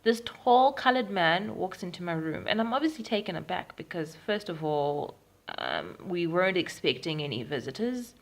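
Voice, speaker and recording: A woman's voice: lowish voice, very animated, moderate pace. A young Zimbabwean woman recording a personal video diary at home, retelling events frankly with frequent ums. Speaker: vlogger. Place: at home in Harare.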